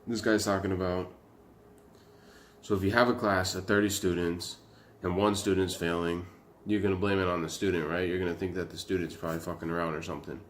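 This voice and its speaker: A young man with a very low voice rants to the camera in a loose, profane, rambling way. He leans on fillers like "like" and "man." A faint hiss of noise sits under his voice. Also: flat delivery, fairly quick. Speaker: vlogger. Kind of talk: casual rant to camera.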